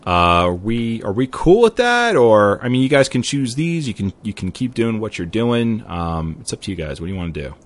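A man hosting a casual gaming podcast, chatty and easily excited, with loose mild swearing. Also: medium pitch, a little fast, few pauses. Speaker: podcast host.

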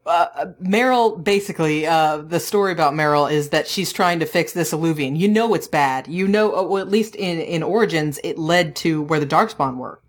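A woman co-hosting a casual video game podcast, chatty and teasing, quick to laugh. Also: sits low. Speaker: podcast co-host. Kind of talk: casual chat about video games.

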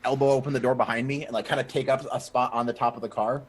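Husky-voiced man playing a tabletop game. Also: mid-range voice, flat delivery, very fast. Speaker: player. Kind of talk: casual tabletop game chat.

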